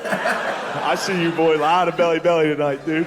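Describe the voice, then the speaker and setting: A man's voice: fairly high pitch, fairly even intonation, moderate pace. A man doing a stand-up comedy set, laid-back and profane, tossing in "dude" constantly. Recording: live club recording with crowd laughter and noise.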